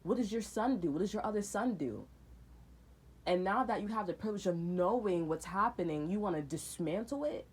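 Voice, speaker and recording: A woman's voice: medium pitch, lively intonation, fairly quick, darkish tone, husky. A young woman reading tarot, talking in a heated, emphatic way, repeating herself and swearing often. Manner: emphatic, repetitive, swears a lot. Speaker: tarot reader. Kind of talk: casual, heated monologue.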